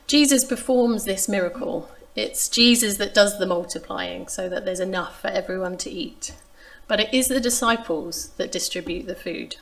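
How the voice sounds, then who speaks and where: A woman preaching a sermon, retelling a Bible story in a measured, expressive way. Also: fairly low pitch. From England. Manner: measured, expressive reading of scripture.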